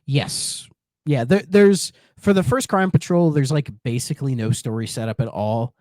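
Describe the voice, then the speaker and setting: In clean studio sound with no room echo, a male podcast co-host chats about retro games in a mid-range voice at normal speed. He's rambling and animated, voicing game lines in goofy impressions.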